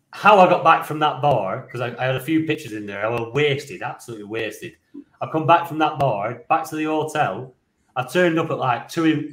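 A man, a podcast co-host telling a lively, rambling story, swearing freely and laughing along. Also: medium pitch, reverberant. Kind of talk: casual anecdote telling.

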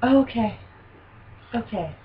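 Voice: mid-range voice, lively intonation, a little slow. A podcast co-host in casual movie banter, playful and laughing easily. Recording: distant lo-fi mic with faint hiss.

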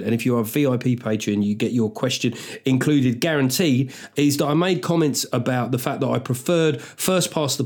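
A man's voice: medium pitch, a little mellow. A middle-aged man in his forties hosting a comedy podcast, riffing and swearing in a loose, joking monologue. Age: 40s. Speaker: podcast host.

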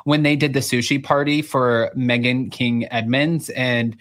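A podcast co-host in casual chat, animated and gossipy, acting out what others said. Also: mid-range voice, measured pace. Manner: animated, gossipy, acts out quoted voices.

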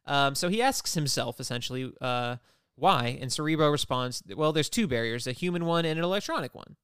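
A man hosting a podcast, recapping episodes in casual chat, animated and often laughing. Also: mid-range voice, clean tone, dry recording, clean studio sound. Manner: animated, laughing, does quick impressions.

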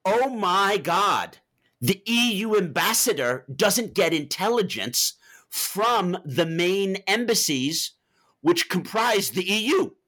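A man's voice: high voice, animated, takes it slowly, a bit bright. A man being interviewed as an author, answering in a discursive way and telling anecdotes with dialogue.

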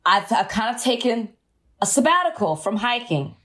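A woman's voice: on the high side, sing-song, moderate pace, fairly bright tone. Chatty woman co-hosting a podcast. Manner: chatty, laughs easily, storytelling. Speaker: podcast co-host. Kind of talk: casual chat.

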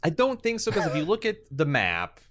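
Fairly quick and bright, with a voice on the high side and wildly swooping pitch, a young man co-hosts a podcast. He chats casually, rambles, cracks jokes, and slips into goofy put-on voices.

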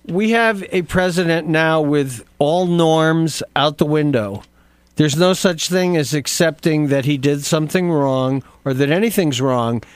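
Slow, deliberate male political commentator. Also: on the high side, smooth, dry recording. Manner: deliberate, indignant, punning. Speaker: show co-host.

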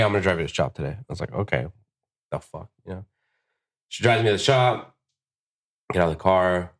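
A young man with a deep, low-pitched voice tells a profanity-heavy story in a relaxed podcast chat. He slips into the voices of the people in the story as he quotes them. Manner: profane, animated storyteller who acts out quotes. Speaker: guest tattoo artist.

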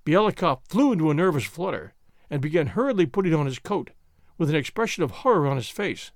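A man narrates a classic story with expressive, animated intonation. His voice sits a little high. The recording is dry and close, with no room sound. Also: fast, dry recording. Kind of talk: audiobook reading of a classic story.

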